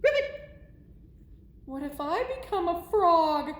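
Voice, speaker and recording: A woman voicing a worried, anxious male elephant in a storybook read-aloud, with fretful, questioning lines. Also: huge pitch swings. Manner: fretful, questioning, high and fast. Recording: echoey room.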